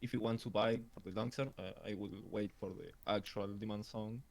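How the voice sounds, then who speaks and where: A man's voice: lowish voice, steady tone, a little fast, creaky, darkish tone. A man on a trading panel giving hedged, analytical opinions in casual talk, with frequent restarts. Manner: hedging, analytical, stumbles on restarts. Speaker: trader on a discussion panel. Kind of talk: casual group discussion.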